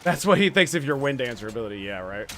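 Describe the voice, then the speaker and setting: A man giving live gameplay commentary as a streamer, excitable and quick to swear and rant in exasperation. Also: mid-range voice, faint music behind.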